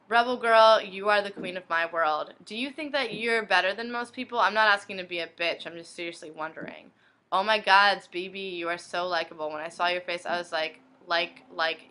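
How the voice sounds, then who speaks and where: A woman's voice: fairly low pitch, bright, forceful tone, a little hiss or hum. A young woman blogger reading inbox messages aloud one after another, in a plain reading manner. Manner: reads each message in turn, plainly.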